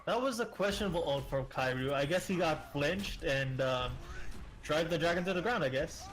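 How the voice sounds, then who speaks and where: A man's voice: on the high side, lively intonation, moderate pace, fairly bright tone. A man from the Philippines giving casual, hesitant opinions as an esports co-caster. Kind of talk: esports color commentary.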